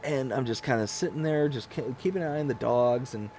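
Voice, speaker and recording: A man in his thirties telling stories on a casual live game stream, animated and self-mocking. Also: mid-range voice, fairly quick, a little hiss or hum.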